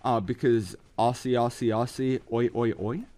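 Excitable man over loud game gunfire. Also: medium pitch, moderate pace, slight background noise. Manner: excitable, jokey, keeps exclaiming in alarm. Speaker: mobile game streamer. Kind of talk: live gameplay commentary. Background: game gunfire and explosions.

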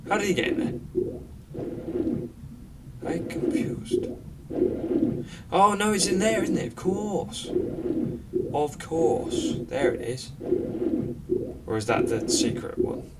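A man giving sarcastic, self-mocking commentary over a game he plays, breaking into quick outbursts at it. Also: high voice, very animated, far from the mic, very noisy. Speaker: gaming commentator. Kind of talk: let's play commentary.

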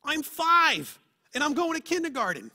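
A pastor putting on a bouncy five-year-old boy who shouts his questions with eager cheer. The voice sits high and bright, and it is plainly a grown man's playful take on a small child. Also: very animated, normal speed, big-room sound, heavily acted.

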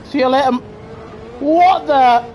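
Excitable high-voiced woman streamer. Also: slow, a little hiss or hum. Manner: excitable, trash-talking other drivers, bursts into shouting. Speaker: gaming streamer. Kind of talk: live racing gameplay commentary.

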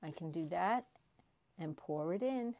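A woman crafting vlogger unboxing prizes she won, gushing and excitable, often repeating herself. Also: on the low side, a little slow, noisy background. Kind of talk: casual unboxing vlog.

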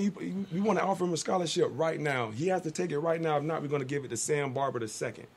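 Man, fast talker, animated storyteller, faint background noise. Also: on the high side. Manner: animated, acts out quotes. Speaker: guest storyteller. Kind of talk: casual storytelling.

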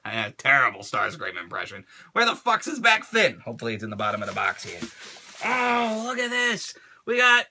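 A middle-aged man hosting a toy show, unboxing fan mail with a loud, crude, joking manner and quick silly voices. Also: fairly high pitch, a little hiss or hum.

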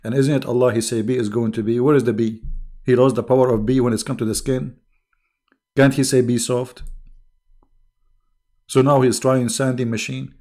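A man's voice: medium pitch, level tone, normal speed, pauses often, dark tone. Sarcastic mocking man with Arabic accent. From Arab world. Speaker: online debate host. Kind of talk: mocking commentary monologue.

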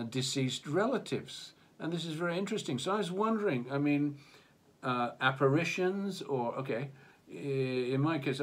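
A man co-hosting a casual talk on religion, speaking hesitantly with many restarts and fillers. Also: mid-range voice. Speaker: co-host of religion discussion. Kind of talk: casual discussion. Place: Japan.

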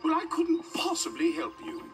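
A man's voice: extremely high pitch, very animated, normal speed, recorded from a distance, over music, voice pushed up. A man voicing a haughty, proud female quarry lorry in a prim, sniffy manner.

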